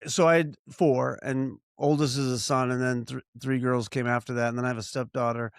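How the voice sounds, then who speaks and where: A man's voice: medium pitch, level tone, a little fast, smooth, faint music behind. An older man, a podcast co-host, telling family stories in a rambling, casual chat full of restarts and fillers.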